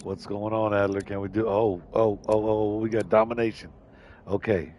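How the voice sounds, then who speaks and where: A man's voice: fairly low pitch, level tone, normal speed, muffled recording, a little hiss or hum. A man streaming a shooter game live, cursing and trash-talking his opponents. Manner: profane trash talk, shouts at enemies. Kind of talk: live gameplay commentary.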